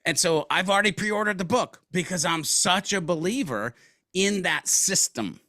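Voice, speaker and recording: A man's voice: sits high, normal speed, no room sound, studio quality. A man guest in a business interview, telling stories casually with slang and acting out quoted lines. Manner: animated storyteller, casual slang, acts out quotes.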